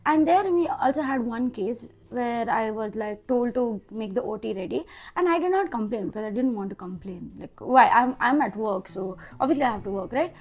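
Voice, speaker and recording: A woman's voice: fairly high pitch, lively intonation, moderate pace, highs cut off. A young woman with an Indian English accent, candidly recounting a hard time in a personal vlog, her voice a bit nasal. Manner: candid, emotional, restarts often. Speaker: vlogger.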